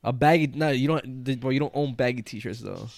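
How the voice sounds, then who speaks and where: A man's voice: mid-range voice, fairly quick, creaky, darkish tone, no echo. A young man co-hosting a podcast in casual chat, laid-back, laughing and swearing often. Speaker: podcast co-host.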